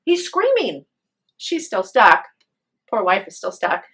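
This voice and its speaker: A woman's voice: high-pitched, big pitch swings, measured pace, a bit bright. A woman telling a spoken ghost story with drama, acting out the voices of her characters.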